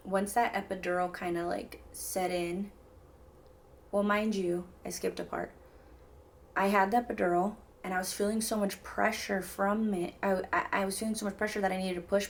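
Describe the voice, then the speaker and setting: A young vlogger with a lowish, gravelly voice rambles chattily through a personal story to camera. She leans on "like" and "mind you guys," and there's slight background noise.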